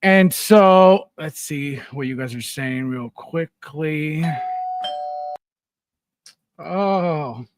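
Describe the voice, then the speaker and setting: A man's voice: on the high side, very slow, pauses often. A man hosting a casual livestream, reading viewer comments aloud, laughing often and repeating words for comic effect. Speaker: livestream host.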